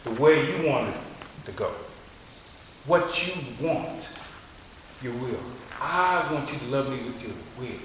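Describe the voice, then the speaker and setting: Animated preacher man in an echoey hall. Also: medium pitch, unhurried, pauses often, a little hiss or hum. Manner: storytelling, animated, colloquial. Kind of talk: sermon.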